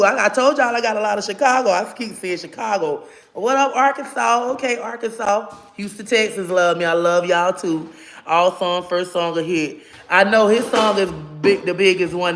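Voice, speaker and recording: This livestream host has a voice that sits high with a fairly bright tone. Streaming casually from a phone, he gives shout-outs by running through viewers' hometowns, adding loose, friendly remarks and endearments such as "baby".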